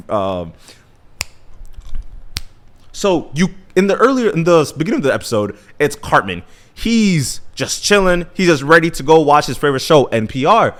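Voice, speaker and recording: A young man giving a casual episode recap, rambling, self-correcting and slangy. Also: medium pitch. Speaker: commentary vlogger.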